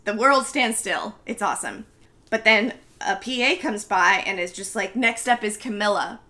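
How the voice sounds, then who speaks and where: A woman's voice: mid-range voice, moderate pace. A woman in casual chat, animatedly retelling a film plot with lots of fillers and acted-out quotes. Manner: animated storytelling with many fillers, acts out quotes. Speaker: podcast co-host recapping a film.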